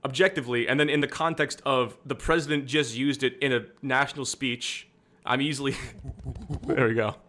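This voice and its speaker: A man's voice: mid-range voice, steady tone, moderate pace, a bit bright. A young man streaming casual political commentary, rambling and candid, with frequent fillers and restarts.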